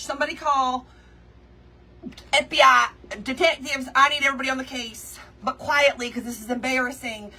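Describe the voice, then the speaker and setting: A woman hosting a craft livestream, telling a story to her viewers in an animated, chatty way and calling them y'all and girl. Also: sits high, moderate pace, distant mic. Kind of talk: casual storytelling chat with viewers.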